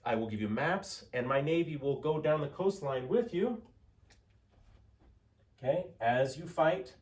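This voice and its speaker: A man's voice: fairly high pitch, animated, a little slow, roomy sound, pitched above the performer's own voice. A man voicing a stern, commanding emperor. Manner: stern, lays down terms. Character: proud commanding male Byzantine emperor.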